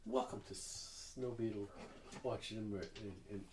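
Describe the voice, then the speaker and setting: A man voicing an uneasy halfling hostess with a Southern accent, halting and politely hesitant. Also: fairly low pitch, fairly even intonation, a little mellow, slight background noise, close to an everyday voice. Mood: nervously polite. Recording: echoey room.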